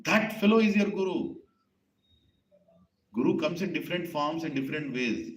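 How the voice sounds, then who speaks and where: A man's voice: fairly high pitch, expressive, normal speed. A man giving a devotional sermon, explaining terms with rhetorical questions and telling a story. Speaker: preacher. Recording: echoey, dull lo-fi hall recording.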